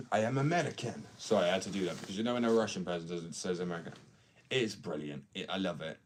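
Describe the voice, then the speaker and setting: Low-pitched man, rambling casual chat, workshop stream, faint background noise. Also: quick pace. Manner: rambling, excitable, self-mocking. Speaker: skateboard maker live-streaming to chat. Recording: distant mic, faint noise.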